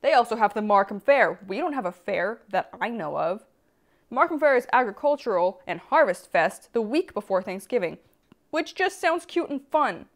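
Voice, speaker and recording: A young American woman chatting playfully as a vlogger on a lapel mic, reading some history aloud quickly. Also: fairly high pitch, very animated. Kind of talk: casual vlog narration.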